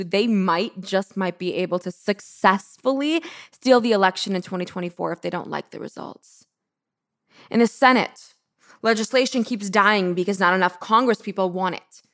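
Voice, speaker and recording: A woman's voice: mid-range voice, a bit bright, dry recording, clean studio sound. A young woman in her twenties, a podcast host doing sassy, playful ad reads and a slangy monologue. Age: 20s.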